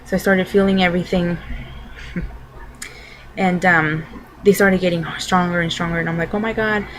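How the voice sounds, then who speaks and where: A woman's voice: lowish voice, flat delivery, unhurried, a little hiss or hum, rough recording. A young adult woman vlogging, telling a personal story to camera in a loose, rambling way full of filler words.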